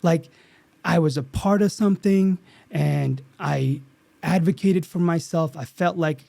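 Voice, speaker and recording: A man guest on an interview podcast, telling a story from a set in an earnest, animated way with lots of restarts. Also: a little high, unhurried, creaky, no echo. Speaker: actor guest.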